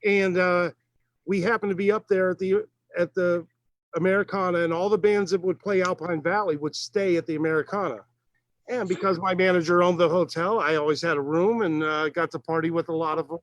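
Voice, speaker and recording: A man's voice: high-pitched, fairly even intonation, a little fast, no room sound. A man in a band speaking earnestly, with stumbling restarts. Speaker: band musician. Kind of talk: casual interview talk.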